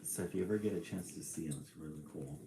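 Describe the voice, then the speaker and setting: A man reading a children's storybook on a live stream and chatting with viewers in a relaxed, chatty way. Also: low-pitched, reverberant, slight background noise, low-quality recording. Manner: slow, relaxed, chatty with small laughs.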